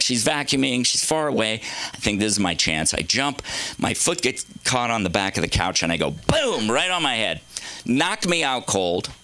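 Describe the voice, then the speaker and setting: A man's voice: medium pitch, sharp tone. A middle-aged man doing a rambling, profane, self-mocking stand-up set on a comedy club stage.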